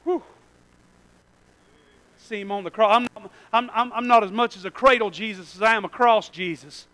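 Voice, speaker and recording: A man preaching a fervent sermon to his church, repeating calls like a refrain and breaking into shouts. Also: high-pitched, steady tone, a little fast. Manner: fervent, repetitive call-and-response preaching, bursts of shouting. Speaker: pastor.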